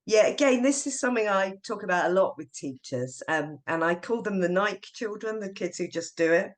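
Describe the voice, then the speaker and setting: A middle-aged woman, a teacher trainer, being interviewed on a podcast and telling classroom stories in a lively way. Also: mid-range voice, moderate pace. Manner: lively storyteller acting out classroom voices.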